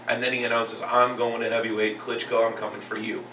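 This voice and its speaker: Guy hosting boxing talk, bright voice, roomy echo, a bit far off, faint hiss. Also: mid-range voice, fairly quick. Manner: animated storyteller, acts out quotes. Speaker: podcast host and second grade teacher.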